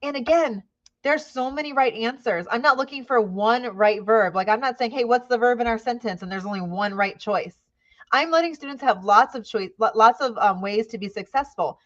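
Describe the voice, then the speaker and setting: A woman teacher with a fairly high voice walks other educators through her method in an upbeat, conversational way. She keeps tagging her points with "right?" and slips into the bright questioning tone she uses with young children. The sound is a little dull and lo-fi. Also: normal speed. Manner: upbeat, frequent "right?" tags, models classroom questioning. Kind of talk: teacher training presentation.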